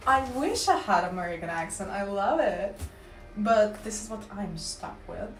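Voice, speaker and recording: A woman's voice: mid-range voice, expressive, unhurried, soft background music. A young woman with a Slavic accent, livestreaming and chatting playfully with viewers. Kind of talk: casual chat with live chat. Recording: roomy sound from a distant mic.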